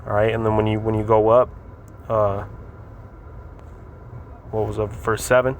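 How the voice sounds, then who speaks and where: A man's voice: lowish voice, flat delivery, moderate pace, long pauses. Man teaching scripture casually over traffic. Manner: informal, repetitive, frequent "man" and "all right". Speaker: religious teacher.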